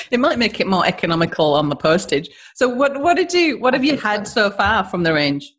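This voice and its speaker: A woman's voice: medium pitch, sing-song, moderate pace, a bit bright, breathy edge. A woman hosting a podcast in a casual, chatty, upbeat way, with plenty of fillers. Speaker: podcast host.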